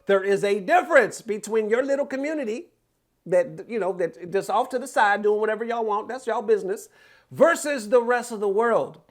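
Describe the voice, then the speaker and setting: High-voiced man hosting a casual commentary. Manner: animated, slangy, talks straight to the audience. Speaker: commentary show host.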